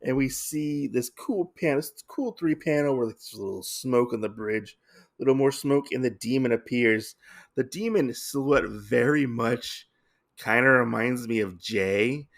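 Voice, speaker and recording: A man's voice: mid-range voice, measured pace, gravelly. A man hosting a podcast, casually recapping a comic book story with many fillers and restarts. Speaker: podcast host.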